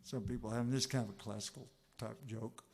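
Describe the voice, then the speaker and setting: A man on a concert stage, telling jokes between songs in a slow, laid-back storytelling way. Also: mid-range voice, steady tone, creaky, a little mellow. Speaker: singer-songwriter on stage. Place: music hall stage, live concert.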